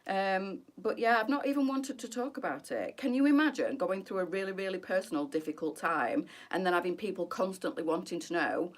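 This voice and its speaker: A woman's voice: mid-range voice, expressive, a little fast, hardly any pauses. A middle-aged woman, a boutique presenter chatting candidly and emotionally on a live stream, answering viewers by name.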